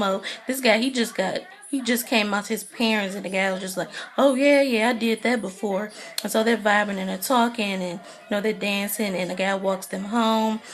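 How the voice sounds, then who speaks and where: A woman casually recapping a TV drama episode in a chatty, animated way, acting out the characters' lines. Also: medium pitch. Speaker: TV recap vlogger.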